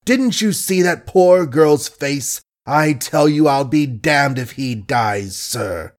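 A man voicing a stout, indignant gentleman who speaks forcefully and with feeling. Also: medium pitch, wildly swooping pitch, unhurried, husky, heavily acted.

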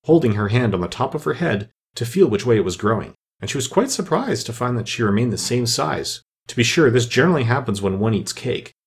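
A man narrating a storybook as an audiobook, reading with expressive storytelling. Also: medium pitch, husky.

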